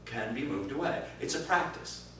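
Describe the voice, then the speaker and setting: Animated improv teacher, man, echoey room. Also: normal speed. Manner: animated, swearing, swings from low musing to loud bursts. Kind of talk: interview answers. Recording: distant roomy recording with faint noise.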